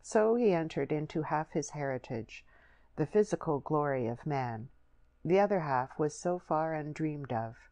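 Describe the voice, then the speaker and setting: A woman reading a novel aloud in measured, literary narration. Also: sits low, expressive, mellow, dry recording. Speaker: audiobook narrator. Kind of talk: scripted narration.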